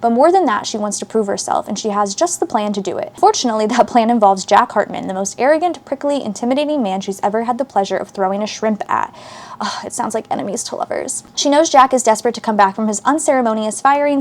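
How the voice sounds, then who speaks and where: A woman's voice: on the high side, lively intonation, fast, few pauses. A woman, casually chatting as she reads book synopses aloud and reacts to them. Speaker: book channel host.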